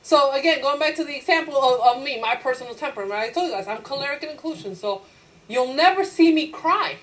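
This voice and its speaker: A woman teacher gives a lively classroom lecture, acting out her inner voice in quotes, asking rhetorical questions and laughing easily. She talks fast in a high voice, and the recording is low quality.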